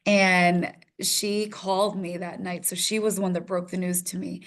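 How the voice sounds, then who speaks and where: A woman in her thirties from Minnesota, a news reporter telling her story as a podcast guest, animated and laughing often. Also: on the low side, normal speed. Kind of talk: casual interview storytelling.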